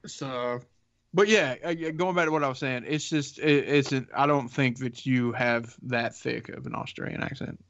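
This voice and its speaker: A man's voice: medium pitch, a bit bright, no room sound, highs cut off. A man in his thirties with a Southern US accent, chatting on a podcast and rambling with lots of restarts. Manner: rambling, halting with many restarts. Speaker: podcast co-host. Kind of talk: casual podcast chat.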